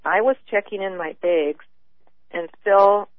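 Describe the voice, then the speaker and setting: Over a tinny phone line that makes her medium-pitched voice sound thin and narrow, a woman caller shares her story on call-in radio. She speaks earnestly in halting bursts, frequently restarting sentences, with dry sound and no echo.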